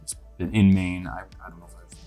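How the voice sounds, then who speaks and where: A man's voice: low voice, flat delivery, a little fast, mellow, faint music behind. A young man co-hosting a podcast, telling a story in a laid-back casual chat. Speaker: podcast co-host.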